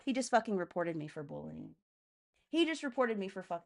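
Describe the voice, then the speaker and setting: A woman's voice: medium pitch, sing-song, vocal fry. A young woman live streaming, ranting about politics in a heated, enraged voice full of swearing. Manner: heavy swearing, fast and heated. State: enraged, agitated.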